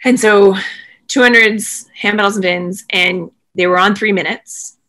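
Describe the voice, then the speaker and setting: A woman being interviewed, telling a long story in casual, animated talk full of "like" fillers. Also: mid-range voice, unhurried. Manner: animated, rambling, frequent "like" fillers. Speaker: interview guest, former swimmer.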